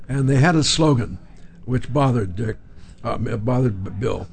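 A man's voice: medium pitch, unhurried, gravelly, slightly rough. An older man, an interview guest, telling anecdotes and acting out the voices of the people in them. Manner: acts out quoted voices while telling stories, chuckles. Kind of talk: anecdotal storytelling.

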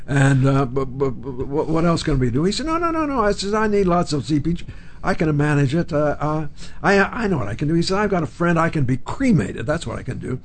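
A man's voice: a little high, animated, brisk, slight background noise. An older man, an interview guest, telling anecdotes and acting out the voices of the people in them. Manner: acts out quoted voices while telling stories, chuckles. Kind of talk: anecdotal storytelling.

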